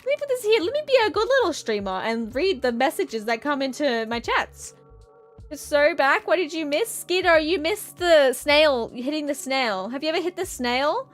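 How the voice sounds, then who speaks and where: A woman streamer with a high, bouncy voice that swoops all over the place, rambling through silly tangents and giggling between thoughts. Soft music plays faintly underneath her casual live-stream chatter. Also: sing-song, normal speed. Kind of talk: casual live-stream chat while drawing.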